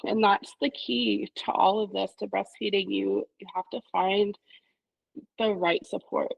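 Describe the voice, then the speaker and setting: A woman, a mother and former client, speaking heartfelt as a podcast guest and often murmuring soft agreement. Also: medium pitch, fairly even intonation, unhurried, creaky, no room sound, dull audio. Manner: heartfelt, frequent soft affirmations. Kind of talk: casual podcast conversation.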